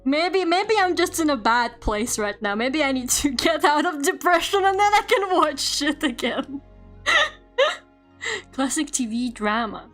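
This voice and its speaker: This is a woman with a high, light voice, talking casually to her stream audience while drawing. She rambles from thought to thought, laughs a lot and swears without a second thought. A quiet game soundtrack plays faintly underneath. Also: animated, a little slow. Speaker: VTuber streamer. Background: faint video game soundtrack music.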